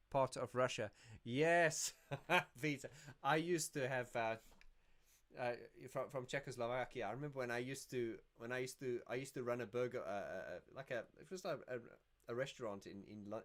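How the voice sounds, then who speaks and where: A man's voice: mid-range voice, a bit bright. A man hosting a casual livestream Q&A, chatty and rambling, often laughing and restarting his sentences. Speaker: YouTube channel host.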